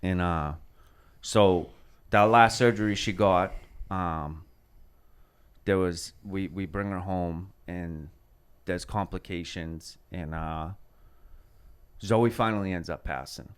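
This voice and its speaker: A man in his thirties with a low, smooth, resonant voice talks in casual podcast chat. He rambles through a heartfelt story and swears freely as he goes. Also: takes it slowly, pauses often. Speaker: podcast host.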